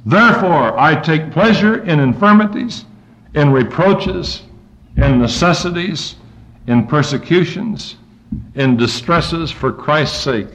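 A man preaching a sermon, reading scripture aloud and swinging his pitch and volume up and down as he goes. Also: animated, slow pace, a bit bright. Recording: dull lo-fi recording.

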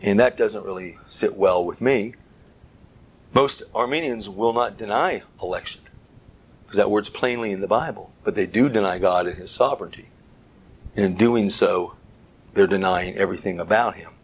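A man's voice: on the low side, normal speed, slightly rough, low-quality recording. A man giving a Bible teaching talk as a preacher, earnest, speaking in short phrases and stressing key words.

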